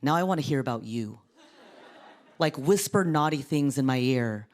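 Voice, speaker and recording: Deep-voiced woman doing stand-up. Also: moderate pace. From Orange County, California. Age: 30s. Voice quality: deep, sultry voice. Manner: deadpan, self-mocking delivery. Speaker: comedian. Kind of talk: stand-up comedy. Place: TV studio stage. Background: studio audience laughter.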